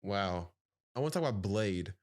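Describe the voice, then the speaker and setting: A man from Louisiana co-hosting a podcast, chatting in an animated, teasing way with frequent laughs. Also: on the low side, normal speed. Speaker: podcast co-host. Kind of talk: casual chat.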